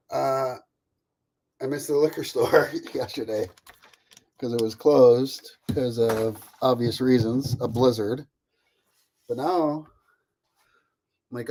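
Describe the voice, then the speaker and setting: A man's voice: mid-range voice, darkish tone. A man hosting a casual live stream from home, rambling chattily, greeting viewers by name and laughing often. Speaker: livestream host.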